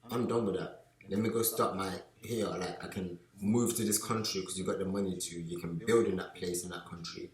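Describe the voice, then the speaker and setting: A young man, co-hosting a casual podcast chat in slangy, animated talk. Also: sits low, fairly quick. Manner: slangy, animated when acting out friends. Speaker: podcast co-host. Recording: echoey room.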